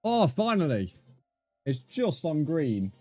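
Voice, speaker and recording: A man's voice: a little high, wildly swooping pitch, takes it slowly, warm tone, no room sound, faint music behind. A man, chatting casually with viewers while he plays a game on a livestream and calling them mate. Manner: laid-back, chatty, calls viewers mate. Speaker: game streamer.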